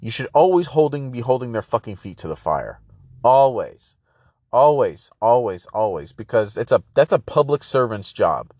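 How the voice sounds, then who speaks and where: A male podcast host rants casually, swearing freely and circling back on his points. His voice sits at an ordinary middle pitch. The sound is dry and close, with no room echo. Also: big pitch swings, a little fast, few pauses, a little mellow. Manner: profane, rambling, heavy use of filler words like "bro". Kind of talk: casual political rant.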